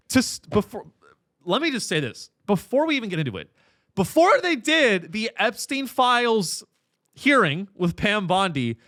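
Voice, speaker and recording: A man's voice: high voice, pushed and bright, no echo. A man hosting a comedy podcast, delivering a profane, ironic, rambling rant with many restarts into a close mic. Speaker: podcast host.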